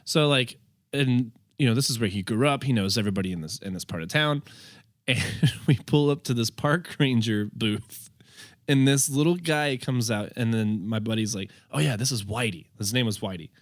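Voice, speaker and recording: A man's voice: medium pitch, moderate pace, no echo, clean studio sound. A man on a comedy podcast telling a rambling story in casual chat, laughing as he goes. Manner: rambling, laughs through his own story. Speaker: podcast co-host.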